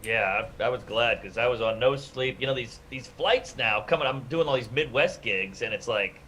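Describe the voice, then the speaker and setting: A stand-up comedian from New Orleans trading road stories in podcast banter, telling them in an animated, profane way. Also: male voice, mid-range voice, normal speed, slight background noise, poor audio.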